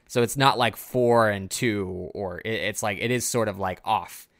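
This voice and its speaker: Tired low-voiced man, rambling chat. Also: unhurried, a bit bright, dry recording, studio quality. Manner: rambling, many "like" fillers. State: tired, yawning. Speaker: podcast co-host. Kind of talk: casual music discussion.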